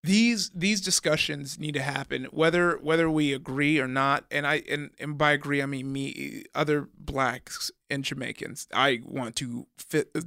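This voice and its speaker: A young man talks games in a casual co-hosted chat. His voice is bright and a little high, and he stumbles and restarts as he goes, often breaking into laughter. The sound is close and dry. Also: fairly even intonation, a little slow, vocal fry, few pauses, dry recording. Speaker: podcast co-host.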